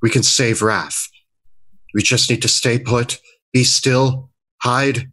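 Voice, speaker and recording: A man's voice: medium pitch, steady tone, slow pace, bright, forceful tone. A man voicing a male adventurer who urges his companion to hide and wait for an ambush. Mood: urgent.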